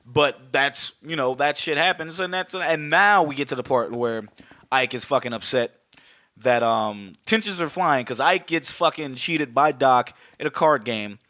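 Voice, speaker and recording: A man co-hosting a podcast, recapping a film in casual, profane talk and acting out the scenes in quick voices. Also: medium pitch, pushed and bright, no room sound. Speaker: podcast co-host. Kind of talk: casual movie recap chat.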